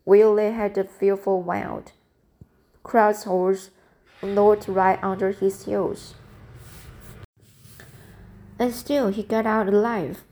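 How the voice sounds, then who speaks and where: A woman voicing a blunt, mischievous eight-year-old boy in an amateur audiobook reading, matter-of-fact and halting with restarts. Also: medium pitch, mellow.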